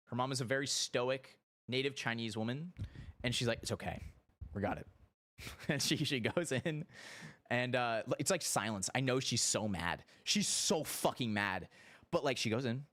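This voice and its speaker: A young man streaming, telling a story casually, animated and profane, his voice shooting up when excited and sinking low when he reflects. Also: normal speed, no room sound. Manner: animated, swearing, jumps high in pitch when excited.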